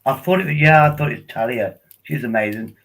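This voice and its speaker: A man's voice: medium pitch, lively intonation, quick pace, fairly bright tone, rough recording. An older man, chatting casually and rambling on a live stream from home at his laptop.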